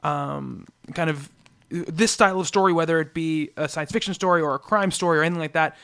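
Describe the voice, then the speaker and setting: A man hosting a comics podcast, talking eagerly in a casual chat and tumbling over his own words as he restarts sentences. His voice sits a little high for a man. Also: a little fast, gravelly, a bit bright, smooth. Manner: eager, restless with many restarts and fillers. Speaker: podcast host.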